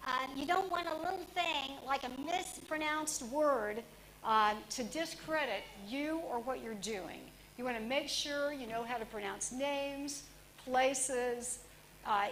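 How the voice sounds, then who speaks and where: A woman teaches broadcast skills to a roomful of trainees, her high voice unhurried and instructive. Faint room noise sits behind her. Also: a bit bright, rough recording. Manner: instructive, direct, uses fillers. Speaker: media trainer. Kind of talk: presentation to a class.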